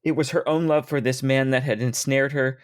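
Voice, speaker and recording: A man hosting a podcast who talks about a book in casual chat, relaxed and dropping dry joking asides. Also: medium pitch, a little fast, no room sound. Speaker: podcast host.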